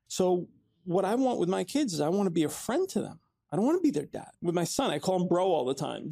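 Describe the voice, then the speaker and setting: Gravelly-voiced man musing on podcast. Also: sits high, warm tone. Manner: earnest, conversational, repeats phrases. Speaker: podcast host. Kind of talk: reflective monologue.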